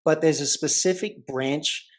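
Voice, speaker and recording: A man's voice: on the high side, unhurried. A man, a life coach, telling a story as the guest in a casual remote interview. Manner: animated, vivid storyteller. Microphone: remote call.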